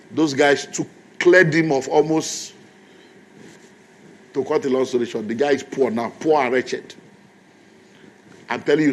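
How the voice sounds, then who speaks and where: Male Nigerian pastor, mid-range voice, storytelling sermon to a congregation. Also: medium pitch. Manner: storytelling, conversational, repeating points to the congregation. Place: church.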